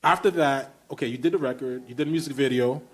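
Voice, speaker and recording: A man's voice: medium pitch, fast talker. A man with a Brooklyn accent hosting a podcast, talking emphatically and stringing long questions together. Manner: emphatic, enthusiastic, piling up run-on questions. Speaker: podcast host. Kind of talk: casual podcast conversation.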